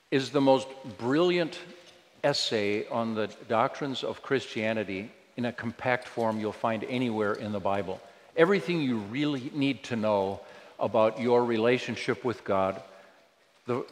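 A man's voice: mid-range voice, in a large hall. A male pastor preaching a sermon, earnest and full of rhetorical questions.

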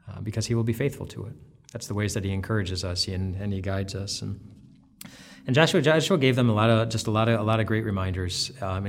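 A man's voice: on the low side, gravelly. A man, a pastor, giving an earnest, conversational devotional talk that often restarts its phrases. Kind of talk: devotional teaching.

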